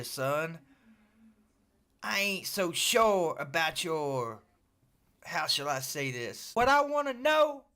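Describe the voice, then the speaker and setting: A middle-aged man ranting in a put-on gruff tough-guy voice, profane, boastful and loud, trash-talking a rival fan in a video. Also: fairly high pitch. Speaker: sports fan vlogger.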